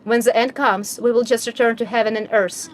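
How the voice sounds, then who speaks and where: Gentle male game hero, soft and measured, read by a woman; cast a calm, steady voice, not theatrical. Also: on the high side, slight background noise, lightly acted. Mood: tender.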